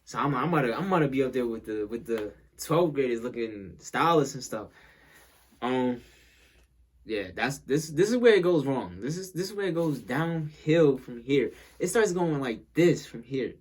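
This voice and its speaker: A man's voice: medium pitch, lively intonation, moderate pace, husky. A young man telling a casual storytime, rambling and repeating himself as he acts out what people said.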